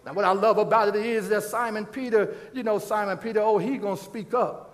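A pastor preaching a sermon, with constant "uh, uh" restarts and bursts of shouted emphasis. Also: male voice, high-pitched, fairly even intonation, fairly quick. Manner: stammering restarts, strings of "uh, uh, uh". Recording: long hall reverb.

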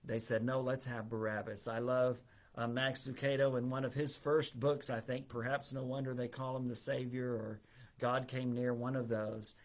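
A man's voice: medium pitch, level tone, normal speed. A middle-aged male pastor preaching a sermon, retelling the scenes as a story and raising his voice when he quotes the people in them. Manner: storytelling, acts out the Bible scenes with raised voice for quoted figures.

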